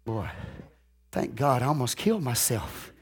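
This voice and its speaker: A male pastor, preaching live to a congregation in a folksy, conversational way that often checks in with the room. He tells stories animatedly, swinging between loud outbursts and quieter asides. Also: mid-range voice, a little slow, breathy edge. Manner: animated storytelling with big swings in loudness and sudden outbursts.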